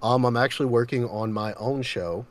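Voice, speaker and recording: A man's voice: medium pitch, normal speed. A man, a voice actor, chatting casually and laughing often over a video call. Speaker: voice actor guest. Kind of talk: casual chat.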